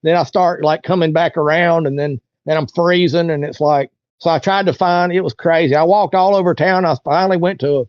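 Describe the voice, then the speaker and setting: Male interview guest, casual rambling storyteller, slightly high voice, dry muffled sound. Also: steady tone, brisk, dry recording. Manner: rambling, colloquial, acts out others' lines.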